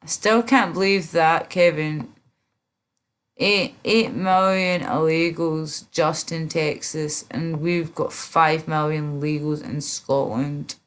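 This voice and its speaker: A woman's voice: sits low, steady tone, slow. A woman livestreaming in casual chat, drowsy and rambling, with many fillers and trailing off. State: drowsy, slurred.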